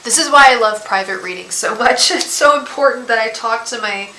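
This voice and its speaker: A woman reading tarot cards on a live stream, talking gently and emotionally, often repeating and restarting her words. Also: on the high side, a little fast. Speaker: tarot reader and psychic medium. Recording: echoey room with faint background hiss.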